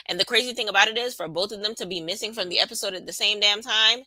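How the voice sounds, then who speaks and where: A woman with runs a live reaction stream. She talks casually and sassily, answering her chat, in a very bright, forward voice. The sound is dry and close to the mic. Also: mid-range voice, fast, few pauses, no echo. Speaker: live-stream show host.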